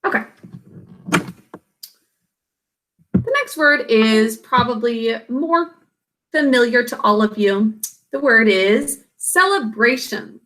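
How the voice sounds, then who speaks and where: A woman's voice: fairly high pitch, fairly bright tone. A woman teacher giving a recorded spelling lesson, patiently sounding out words letter by letter and syllable by syllable.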